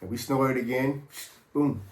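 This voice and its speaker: A middle-aged former prisoner tells his story casually in a mid-range, darkish voice at normal speed. He's laid-back and streetwise, loaded with slang and fillers, and the recording has a roomy echo.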